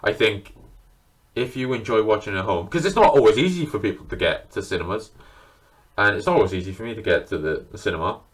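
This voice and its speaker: Fast and animated, a man with a lowish voice chats casually to camera while showing his film collection. It's unscripted and enthusiastic, with free swearing.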